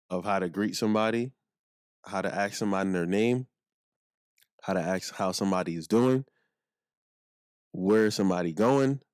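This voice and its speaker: A man with a Nigerian accent teaching a casual language lesson, slowing down to say phrases for the listener to repeat. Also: low voice, a little mellow, smooth, dry recording, clean studio sound. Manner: slows down to model phrases for repeating.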